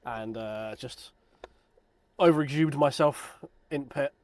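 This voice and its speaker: A man's voice: mid-range voice, slow pace, slight background noise. A man in his thirties chatting casually on a sim racing live stream, rambling and joking at his own expense. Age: 30s. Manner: rambling, self-deprecating, joking.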